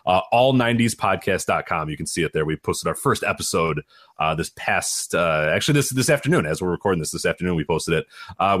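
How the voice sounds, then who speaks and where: A man's voice: on the low side, a bit bright, husky. A man with a Chicago accent, co-hosting a podcast in casual, rambling chat full of restarts. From Chicago area. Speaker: podcast co-host.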